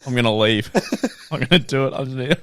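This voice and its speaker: A man's voice: medium pitch, fairly quick, clear, resonant tone, no room sound, clean studio sound. A young man, chatting as podcast co-host, telling stories with plenty of laughter. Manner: animated storytelling, laughs a lot. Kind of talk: casual chat.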